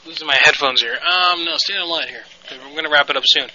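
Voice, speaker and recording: A man's voice: a little high, quick pace, bright, forceful tone. A man hosting a prank-call comedy show, casual and amused with crude jokes, on a dull lo-fi recording. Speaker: show host.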